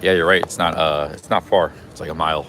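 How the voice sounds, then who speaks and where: A man's voice: extremely low pitch, steady tone, fast, fairly bright tone, slight background noise. A man live-streaming a travel vlog from a busy city street outdoors, chatting in a rambling way with many restarts. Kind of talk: casual walking live stream.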